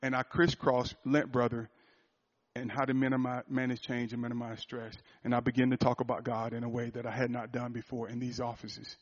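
A man's voice: medium pitch, completely flat delivery, brisk. A man who works as a motivational speaker and coach, telling a personal story in a sermon style. He talks earnestly and often restarts and repeats phrases. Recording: dull lo-fi recording.

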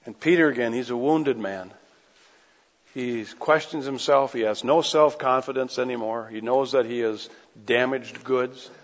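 A man's voice: mid-range voice, fairly even intonation, measured pace. A man preaching a sermon, reading scripture aloud and breaking off into casual conversational asides. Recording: dull lo-fi recording with long hall reverb.

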